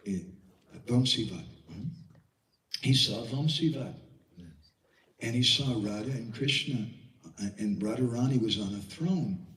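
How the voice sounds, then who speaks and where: A man giving a devotional storytelling lecture, animated, often checking in with his audience with quick questions. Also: medium pitch, slight background noise. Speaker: devotional speaker. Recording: echoey room, distant mic.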